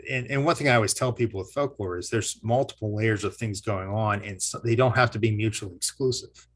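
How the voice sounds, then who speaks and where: A man, a historian and teacher, telling local history in a relaxed interview, rambling and correcting himself with frequent chuckles. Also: fairly low pitch, fairly quick. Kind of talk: casual interview storytelling.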